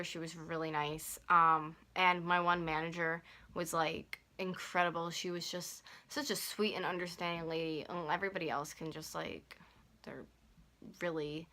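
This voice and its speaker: A young woman in her twenties vlogging at home, telling a story in a fast, heated way full of "like," into a camera on a stand. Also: fairly low pitch, sharp tone. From North America. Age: 20s. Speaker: YouTuber. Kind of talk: storytime vlog.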